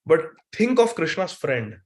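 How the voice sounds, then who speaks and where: A man's voice: a little high, a little slow. Man chanting verses and telling a story. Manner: chants Sanskrit verses then explains them, animated storytelling with chuckles. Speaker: spiritual teacher. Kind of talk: scripture lecture with storytelling.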